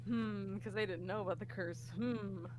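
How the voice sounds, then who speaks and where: A woman's voice: mid-range voice, steady tone, normal speed, darkish tone, a little hiss or hum. A woman playing a tabletop game, chatting casually and thinking aloud. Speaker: player.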